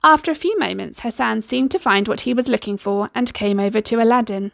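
A woman narrating a storybook in a steady, expressive reading voice. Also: on the high side, a little fast, gravelly, few pauses, no room sound, studio quality.

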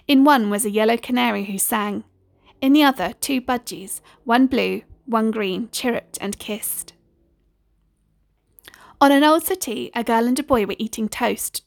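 A woman narrating a children's story aloud in a gentle, lilting storytelling manner. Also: fairly high pitch, normal speed, creaky, no echo. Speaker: storybook reader.

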